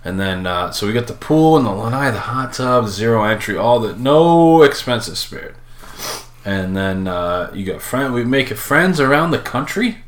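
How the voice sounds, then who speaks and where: A man's voice: mid-range voice, expressive, moderate pace. A middle-aged man from Minnesota co-hosting a casual live-stream chat, joking and laughing often. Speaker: podcast co-host. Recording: echoey room.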